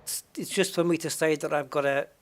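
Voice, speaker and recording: A man's voice: a little high, fairly even intonation, brisk. A middle-aged man streaming a game, chatting casually with viewers, rambling and chuckling as he goes. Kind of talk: casual live-stream chat while playing.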